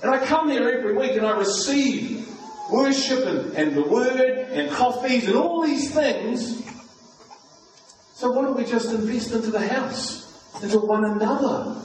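A man's voice: extremely high pitch, a little hiss or hum. A man preaching a sermon in a church, emphatic and firing off rhetorical questions. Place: church hall. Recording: echoey hall, miked from far off.

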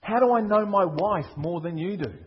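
A man's voice: high voice, normal speed, slightly rough, muffled recording. A man with a Liverpool accent preaching a sermon, emphatic and full of rhetorical questions. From England. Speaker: pastor.

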